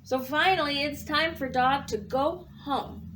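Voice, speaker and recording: A woman reading a picture book aloud for children, counting along and gasping with animated emphasis. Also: high voice, a little slow, background noise. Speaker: children's librarian. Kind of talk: children's storytime read-aloud.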